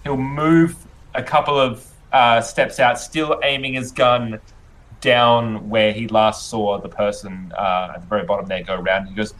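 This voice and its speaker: A man's voice: fairly low pitch, steady tone, a little slow, a bit bright, a little hiss or hum. A man playing a tabletop game, describing his character's moves hesitantly with many fillers. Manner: hesitant, filler-heavy narration. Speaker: player. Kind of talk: casual tabletop play.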